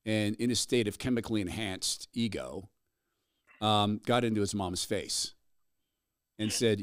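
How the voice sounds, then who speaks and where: A man hosting a talk show, telling stories with animated energy. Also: fairly low pitch, measured pace, long pauses, dry recording. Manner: animated storyteller. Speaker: host. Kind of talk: talk radio banter.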